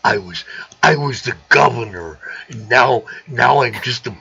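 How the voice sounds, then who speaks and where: A man's voice: mid-range voice, expressive, measured pace, highs cut off, voice pushed down. A man doing an impression of a blunt, boastful ex-wrestler turned governor who talks conspiracy theories. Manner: gruff, boastful declarations. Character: blunt middle-aged male ex-wrestler governor, conspiracy-minded.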